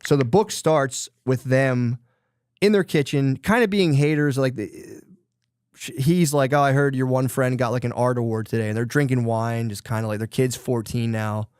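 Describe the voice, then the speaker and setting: Male podcast host, mid-pitched, loose and rambling, salty language, dry close mic. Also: fairly even intonation, moderate pace, a little mellow, clear, resonant tone, no room sound. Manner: loose, rambling retelling of a book plot, with profanity. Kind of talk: casual chat.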